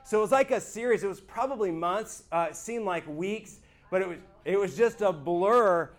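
A man with a high voice shares his church testimony with a small group. He speaks earnestly and with animation, and he keeps asking his listeners whether they follow him. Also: normal speed.

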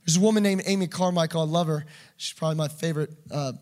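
Brief: high-pitched male preacher, fervent sermon, loud calls then hushed asides. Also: quick pace. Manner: passionate, swings from loud urging to quiet asides.

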